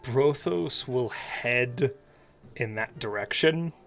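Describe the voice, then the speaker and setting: A man's voice: mid-range voice, slow, gravelly, a bit bright, soft background music. A man as a player in a tabletop game, chatting casually and restarting sentences.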